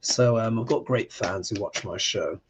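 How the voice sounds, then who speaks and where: A man hosting a live astrology stream, chatting and reading viewer comments in an animated way. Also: on the low side, normal speed, slightly rough. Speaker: astrologer and live show host.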